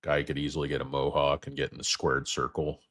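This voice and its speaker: A man with an extremely low voice, hoarse and fading as he comes down with something. He hosts a loose stock livestream in crude, rambling chatter aimed at his viewers. The sound is dry and close, with no room echo. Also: completely flat delivery, brisk, a bit bright. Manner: rambling, crude, joking asides. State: losing his voice, feeling sick. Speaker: stock market livestream host. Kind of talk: casual livestream chat with viewers.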